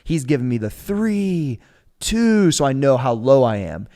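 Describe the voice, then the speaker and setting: Man, forties, coach, casual podcast storytelling, animated, acts out quotes, swears freely, middle pitch. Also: a little slow. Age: 40s. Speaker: strength coach.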